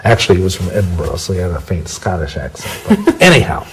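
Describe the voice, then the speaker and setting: A man's voice: sits low, huge pitch swings, quick pace, a bit bright, slight background noise, rough recording. A man giving an interview, talking in a rambling, conversational way with many restarts and homely sayings. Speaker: interview guest.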